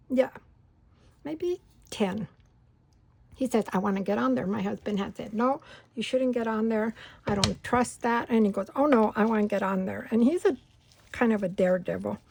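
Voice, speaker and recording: A middle-aged woman hosting a crafting video, chatting unhurriedly and rambling through a story while she works, sometimes going soft and near-whispery. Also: a little high, gravelly, husky. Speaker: craft channel host. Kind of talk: casual crafting tutorial chat.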